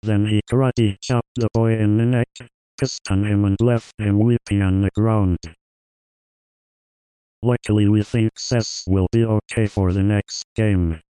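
A man delivering an absurd, crude comic monologue in a flat, deadpan manner. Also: on the low side, unhurried, clear, resonant tone, no room sound, lightly acted, poor audio. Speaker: comedy sketch guest.

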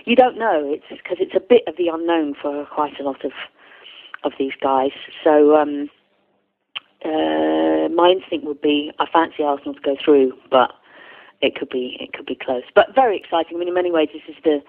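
A woman's voice: low-pitched, normal speed, gravelly. A woman guest talking football casually over a phone line, hesitant and thinking aloud. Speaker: guest pundit.

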